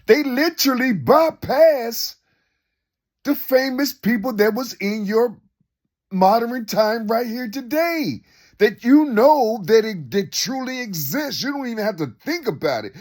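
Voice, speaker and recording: Slow and lively, a high-voiced man muses aloud in a rambling spoken monologue. Unscripted and conversational, he shares his reflections, repeats himself, and poses rhetorical questions.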